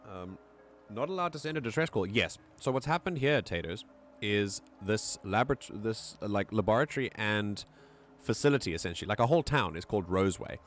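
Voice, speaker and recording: A man with a South African accent giving casual, excitable commentary while streaming a video game. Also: lowish voice, fairly quick, faint music behind. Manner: excitable, chatty, laughs often.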